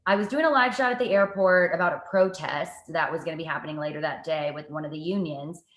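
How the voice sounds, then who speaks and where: A woman, a TV reporter, telling stories from her work in a casual interview, lively and self-mocking. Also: deep voice, fast, echoey room. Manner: lively, animated storytelling with self-mocking asides. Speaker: guest, TV reporter and anchor.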